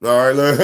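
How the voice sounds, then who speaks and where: A man in his forties, host of a live stream, telling casual stories about his daughter in a profane, animated way, acting out what people said. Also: on the high side. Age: 40s. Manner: profane, animated, acts out quotes. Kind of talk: casual storytelling.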